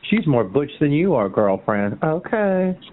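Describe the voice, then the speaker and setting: A man's voice: very animated, normal speed. A man calling into a chat line, trading insults and taunts in a heated argument. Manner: taunting, mocking, swinging into a shrill sneer. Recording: tinny phone line.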